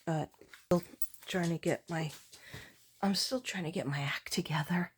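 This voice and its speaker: A woman artist showing her work in a casual late-night vlog chat, meandering with many pauses and fillers, sounding tired. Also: lowish voice, slight background noise.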